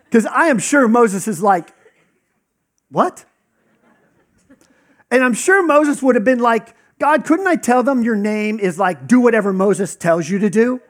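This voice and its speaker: High-voiced casual preaching man. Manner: casual, conversational teaching with many fillers and quoted dialogue. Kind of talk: sermon.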